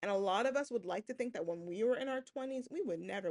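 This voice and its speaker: A woman hosting a sociology podcast in a casual lecture style, lively and often checking in with "right?". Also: mid-range voice, quick pace. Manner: animated, acts out quoted voices, keeps asking "right?".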